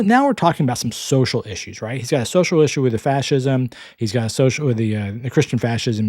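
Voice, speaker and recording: A man's voice: mid-range voice, a little mellow, dry recording, studio quality. A man from the American South hosting a podcast, answering listener questions in a casual, rambling way with frequent chuckles. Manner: rambling, chuckles often, self-deprecating asides.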